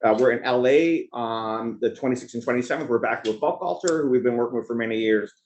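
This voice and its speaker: Guy hosting a business event, middle pitch, rambly chatty opening remarks. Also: fast, a little mellow, slight background noise. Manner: rambling, conversational, jumps between asides. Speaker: event host and organizer.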